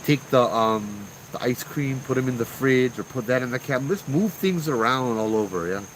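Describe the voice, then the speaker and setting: A man's voice: mid-range voice, brisk, a little hiss or hum, low-quality recording. A man with a Hawaiian Pidgin accent, casually telling ghost stories to his live viewers in a chatty, laughing way. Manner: laid-back, laughing, chatty. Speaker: ghost-story channel host.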